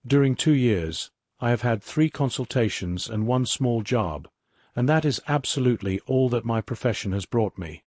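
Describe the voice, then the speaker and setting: A man narrating a sleep-story audiobook in a calm, measured way. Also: mid-range voice, no room sound, clean studio sound.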